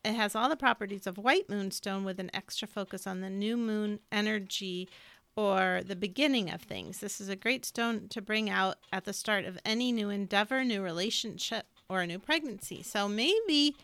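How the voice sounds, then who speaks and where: A woman's voice: medium pitch, normal speed, fairly bright tone, clear, resonant tone, dry recording. A woman co-hosting a podcast, talking in a chatty, loose way full of little asides. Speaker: podcast co-host. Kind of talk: casual spiritual chat.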